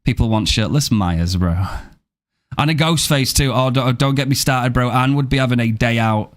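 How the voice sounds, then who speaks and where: A man's voice: mid-range voice, normal speed. A British man streaming a game live, chatting casually with his viewers in a laid-back way, often saying "man" and "bro".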